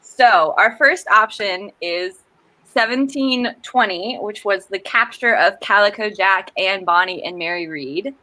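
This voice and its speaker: A woman's voice: medium pitch, unhurried, pushed and bright, rough recording. A young woman hosting a casual writing livestream over a video call, chatty and giggly. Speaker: host.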